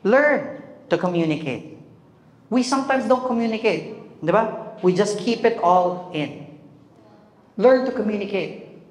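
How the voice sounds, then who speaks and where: A man with a Filipino accent preaching a sermon as pastor, animated and mixing in Tagalog while calling for amens. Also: high voice, a little slow, long pauses. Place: church hall. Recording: echoey church hall with long reverb.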